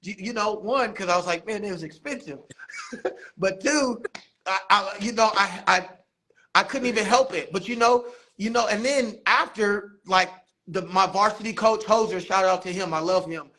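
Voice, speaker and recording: A man, a barber and basketball coach, telling animated stories in a casual interview, acting out quotes. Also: high-pitched, moderate pace. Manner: animated storytelling, laughs often, acts out quotes.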